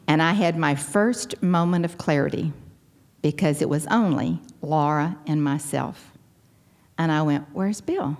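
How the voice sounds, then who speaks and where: A Texan woman in her sixties telling her personal story at a convention with wry, self-deprecating humor and sudden lively leaps in pitch. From Texas. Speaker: convention speaker sharing her recovery story.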